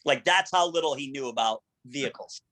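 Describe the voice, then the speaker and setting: A man telling a long, energetic story over a video call, quoting what everyone said along the way. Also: mid-range voice, a little fast, low-quality recording. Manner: energetic, vivid storyteller who quotes dialogue. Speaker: guest. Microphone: video call microphone.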